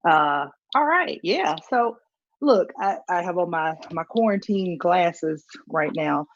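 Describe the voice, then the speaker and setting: A woman doing stand-up, telling animated stories and acting out the people in them. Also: lowish voice, slow. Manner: animated, acts out characters in her stories. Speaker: stand-up comic. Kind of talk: stand-up storytelling. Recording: dull lo-fi stream audio.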